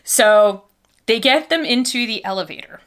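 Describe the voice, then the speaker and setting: A woman's voice: on the high side, animated, moderate pace, a bit bright. A woman doll collector vlogging casually, chatty and goofy, rambling between reviewing a doll and telling a family story.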